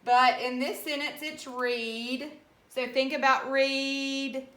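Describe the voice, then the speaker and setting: Woman teacher, fairly high and clear, unhurried and patient, spells words out letter by letter; echoey room. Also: level tone, fairly bright tone. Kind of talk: recorded classroom reading lesson.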